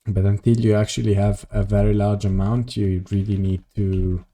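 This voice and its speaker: A fairly low-pitched man with a mellow, dark tone talks casually on a live gaming stream. He sounds tired and rambles easily from one thought to the next, answering messages from his chat as they come in. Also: little pitch movement, moderate pace.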